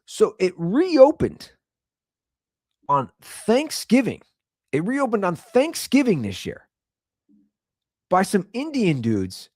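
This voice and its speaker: A man holds forth on his own talk show in a loose, ranting way. His pitch jumps all over as he builds to incredulous peaks and then drops low again. The sound is close and dry, with no room around it. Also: dry recording. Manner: incredulous, repeats lines for comic emphasis; animated storyteller, swings between loud and low. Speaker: podcast host. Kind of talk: casual comedic rant.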